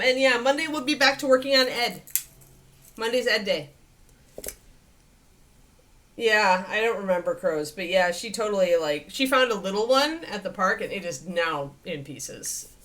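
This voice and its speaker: A woman hosting a casual miniature painting livestream, chatting freely with viewers and breaking off to talk to her dog. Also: bright, forceful tone. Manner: chatty, talks to her dog in a high sing-song voice.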